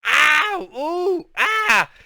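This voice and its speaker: A man reading aloud, voicing a mean older sister who snipes and whines in a shrill, high voice. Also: sing-song, extremely slow, creaky, sharp tone, no echo, clean studio sound, full character voice. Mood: shrieking. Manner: sniping, shrill and whining.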